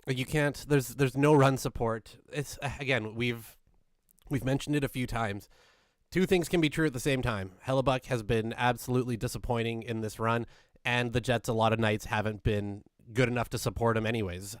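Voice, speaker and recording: A man co-hosting a call-in hockey post-game show, speaking in an even-keeled, measured way while taking callers. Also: mid-range voice, no room sound, clean studio sound. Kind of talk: casual chat.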